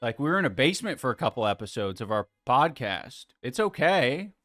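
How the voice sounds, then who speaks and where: A man's voice: mid-range voice, big pitch swings, brisk, fairly bright tone, faint music behind. A man hosting a podcast stream, reacting to a clip with exasperated, sarcastic commentary and plenty of swearing.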